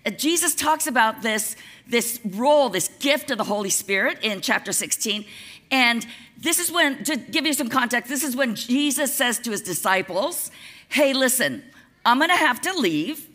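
A woman pastor preaching a sermon in a conversational, lively way, with casual asides. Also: fairly high pitch, moderate pace.

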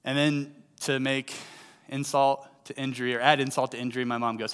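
Speaking at normal speed with a smooth, somewhat bright medium-pitched voice and little pitch movement, this thirtysomething St. Louis pastor shares a personal story during his sermon. His delivery is conversational, building emphasis on key lines, and a long hall reverb surrounds him.

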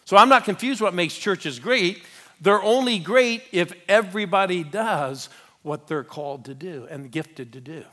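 A man's voice: high-pitched, animated, unhurried, sharp tone. A man preaching as a guest pastor in a church, telling a story and urging the congregation to respond. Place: church sanctuary.

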